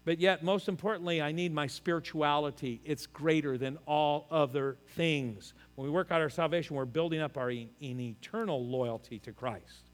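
An older male pastor delivers a sermon with a notably high-pitched voice, pressing his points hard and then easing into self-mocking jokes. His words ring out with a long reverb, as if spoken in a big church hall. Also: moderate pace, few pauses. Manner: emphatic preaching with joking personal asides.

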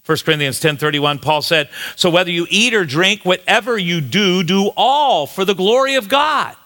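A man's voice: high voice, animated, moderate pace, sharp tone. A man in his late sixties preaching a sermon, telling a funny personal story with lots of stumbles and repeated words. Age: 60s. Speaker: pastor.

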